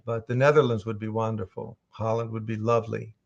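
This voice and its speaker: A man's voice: lowish voice, little pitch movement, brisk, vocal fry, dull audio. A man, a voice actor, chatting casually with fans on a livestream and telling stories as he answers questions. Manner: chatty and storytelling.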